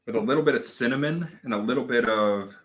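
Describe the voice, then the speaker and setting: A man's voice: mid-range voice, quick pace. A man co-hosting a casual whisky tasting chat, chatty and rambling, laughing often. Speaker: whisky review show co-host.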